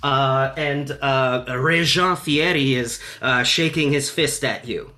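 A man's voice: medium pitch, takes it slowly, bright, forceful tone. A man narrating as game master of a tabletop game, casual with many fillers. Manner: casual, lots of fillers, laughs easily.

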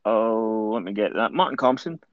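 A man's voice: lowish voice, expressive, moderate pace, no room sound, dull audio. A Scottish man co-hosting a podcast, talking in a loose, rambling, conversational way. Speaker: podcast co-host. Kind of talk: casual chat.

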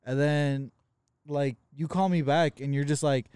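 A man's voice: on the high side, a little slow, smooth, dry recording, studio quality. A man co-hosting a podcast, telling a story in casual chat, swearing often and acting out what people said. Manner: profane, animated, acts out quoted dialogue. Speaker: podcast co-host.

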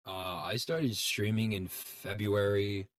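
A young man guest talking casually and hesitantly, full of fillers, trailing off quietly. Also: on the low side, fairly even intonation, takes it slowly, no echo, clean studio sound. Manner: mumbly, hesitant, lots of fillers. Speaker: guest streamer. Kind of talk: casual chat.

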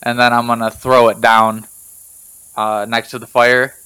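Eager male player, smooth resonant voice, dry close mic, casual and profane. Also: medium pitch, little pitch movement, unhurried, pushed and bright, no echo, rough recording. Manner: eager, swears casually, describes actions in first person. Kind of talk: casual tabletop play.

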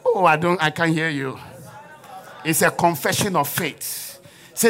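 Bright-voiced man preaching a sermon. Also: fairly high pitch, a little slow, pauses often. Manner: call-and-response preaching, forced laughing. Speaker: prophet preaching to a congregation. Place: church.

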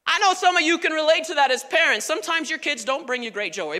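Woman pastor, high voice, very bright tone, lively conversational sermon, long hall reverb. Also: moderate pace. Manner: animated, emphatic, conversational.

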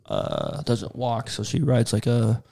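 Gravelly man telling a rambling story. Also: medium pitch, huge pitch swings, slow, dark tone. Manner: rambling storyteller, acts out quotes. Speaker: podcast co-host. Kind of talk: casual chat.

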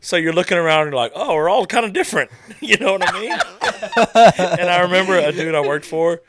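A young man hosts a rowdy podcast with friends, telling crude stories loudly and laughing often. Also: sits high, wildly swooping pitch, moderate pace, crowd noise. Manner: loud storyteller, laughs often, crude jokes. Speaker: podcast host. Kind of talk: rowdy casual podcast banter.

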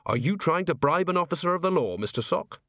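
Earnest young cop guy, man doing the voice, polite, very proper, lively lilt, dry close audiobook sound. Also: fairly high pitch, fast talker, no echo, pitched above the performer's own voice. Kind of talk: audiobook character voice.

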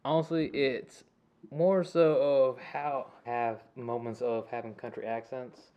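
A man's voice: medium pitch, little pitch movement, slow pace, dull audio. Laid-back man from the US South. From Southern United States. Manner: rambling, with many fillers and restarts. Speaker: podcast co-host. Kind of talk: casual chat.

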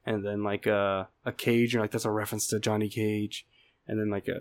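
A man's voice: on the low side, level tone, fairly quick. Joking male podcast co-host. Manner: joking, loose, swears, laughs often. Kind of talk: casual chat.

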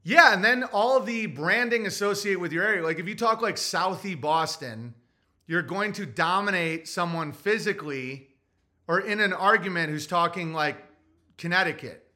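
Bright high-voiced New Jersey man. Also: moderate pace. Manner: animated, acts out quotes in put-on voices. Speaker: podcast host. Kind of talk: casual monologue.

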